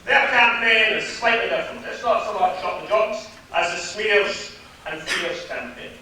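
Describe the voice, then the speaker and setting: A man's voice: high-pitched, normal speed, pushed and bright. A Scottish man giving a political rally speech in a hotel hall, rhetorical and sarcastic. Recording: very echoey hall from far off, faint noise.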